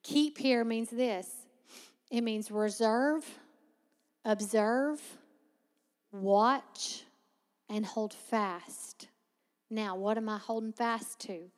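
A woman preaching a sermon, teaching with lively asides and frequent laughter. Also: on the high side, very slow, pauses often, big-room sound.

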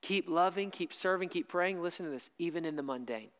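A man delivering a sermon in a high, smooth and resonant voice. He stresses key lines by repeating them slowly and firmly. His voice carries a long reverb, as in a large church hall. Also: a bit bright. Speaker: preacher.

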